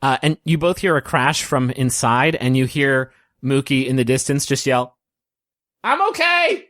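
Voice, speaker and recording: A man's voice: mid-range voice, little pitch movement, normal speed, a bit bright, dry recording, clean studio sound. Casual man narrating a tabletop game. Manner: casual, with many fillers and chuckles. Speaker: game master.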